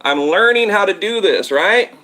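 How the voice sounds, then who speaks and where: High, bright-voiced man rambling on a live stream. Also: expressive, moderate pace. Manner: rambling, talks straight to viewers, reads comments. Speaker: boxing channel host. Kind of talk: casual live-stream chat. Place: home setup in Texas. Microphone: tablet on live stream.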